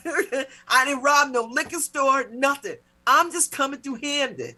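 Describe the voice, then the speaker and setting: A middle-aged woman hosting a talk show, telling a personal story in a casual, animated way, with mock-indignant retellings. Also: high voice, slow pace. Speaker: radio talk show host.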